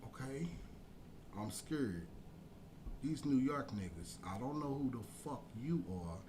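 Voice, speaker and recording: A man telling a long story in a casual chat, animated and profane, jumping from loud bursts to hushed asides. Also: medium pitch, a little slow, background noise. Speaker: podcast guest telling a story.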